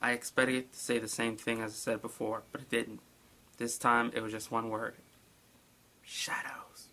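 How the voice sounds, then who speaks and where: Casting: male reader of creepy stories, bright voice, sarcastic exasperated asides. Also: medium pitch, little pitch movement, a little fast. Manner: sarcastic, exasperated asides between hushed reading. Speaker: narrator. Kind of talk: creepy story reading with commentary.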